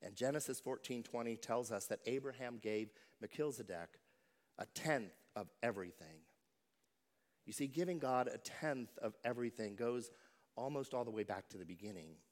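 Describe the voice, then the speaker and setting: A man's voice: medium pitch, normal speed. Man preaching a sermon. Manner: storytelling preacher, acts out quoted voices. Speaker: pastor.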